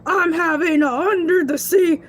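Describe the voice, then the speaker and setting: Woman doing a cocky shark show host, high voice, chatty, bragging, rambling. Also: steady tone, unhurried. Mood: excited. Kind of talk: comedic solo character show.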